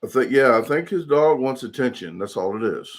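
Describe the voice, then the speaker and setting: A man's voice: mid-range voice, lively intonation, a little fast. Rambling man chatting on a livestream. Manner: rambling, chatty, reads chat comments aloud. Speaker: livestream host. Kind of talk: casual livestream chat.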